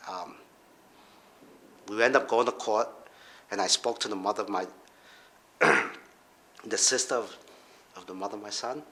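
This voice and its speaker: A middle-aged man casually telling a personal story, halting and restarting, then jumping up in pitch to act out other people's voices. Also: a little hiss or hum. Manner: halting, with restarts and trailing off quietly.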